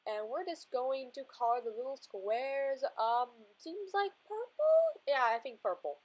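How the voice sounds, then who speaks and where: A woman with a fairly high voice talks through her coloring and drawing as she goes. Her narration is casual and chatty, and it rambles with frequent restarts. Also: sing-song, a little slow, a little mellow, breathy edge. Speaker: art channel creator.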